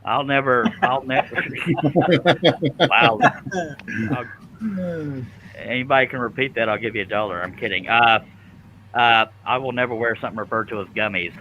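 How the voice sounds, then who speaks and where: A man's voice: medium pitch, fairly even intonation, moderate pace, long pauses, highs cut off, a little hiss or hum. A man hosting a live stream, chatting casually and joking while he works at a scroll saw. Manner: joking, folksy, laughs often. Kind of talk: casual chat while working.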